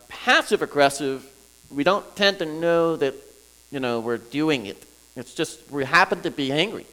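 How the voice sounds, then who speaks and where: A man preaching to a congregation, talking in a halting way with many restarts and frequent chuckles. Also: medium pitch, fairly bright tone, clean tone, poor audio. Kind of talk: sermon teaching. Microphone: recorded for viewers at home.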